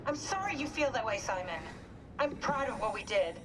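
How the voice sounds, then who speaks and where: A woman's voice: a little high, expressive, normal speed, lightly acted. An actress playing a cool, composed woman scientist. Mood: calm. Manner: composed, then curt. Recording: distant game audio with noise.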